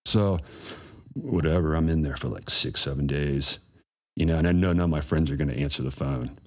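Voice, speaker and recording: Very deep-voiced, laid-back man. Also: fairly quick. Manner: laid-back, profane, slangy. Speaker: podcast guest. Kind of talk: casual storytelling.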